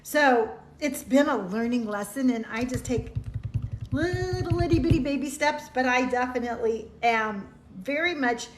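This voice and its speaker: Chatty high-voiced woman live-streaming. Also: expressive, moderate pace, slight background noise. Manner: chatty and candid, reads comments aloud, jumps into quoted voices. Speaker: live-stream host reading viewer chat. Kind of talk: casual live-stream chat. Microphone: phone streaming live. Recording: roomy echo.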